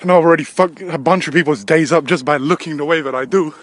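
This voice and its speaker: A man vlogging on his own outdoors with a handheld camera. He rambles crudely and mocks himself, breaking into sudden silly shouted voices. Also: fairly high pitch, fast talker, dry recording. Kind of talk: rambling solo vlog.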